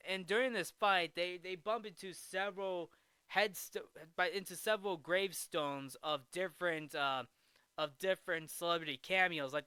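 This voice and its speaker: A man's voice: fairly high pitch, pushed and bright, clean tone, no echo. A man hosting a casual film recap, rambling with frequent restarts and fillers.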